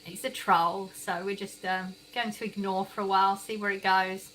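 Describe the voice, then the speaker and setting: Bright-voiced English woman chatting live. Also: mid-range voice, level tone, moderate pace, a little hiss or hum, low-quality recording. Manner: chatty, reads chat aloud, laughs often. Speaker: livestream host. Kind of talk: casual live chat reading comments. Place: home kitchen.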